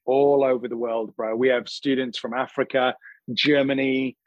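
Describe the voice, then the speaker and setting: A man's voice: medium pitch, level tone, normal speed, no echo, dull audio. A man talking as a guest about teaching acting, earnest and explanatory, casually calling the host "bro". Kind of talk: casual interview chat.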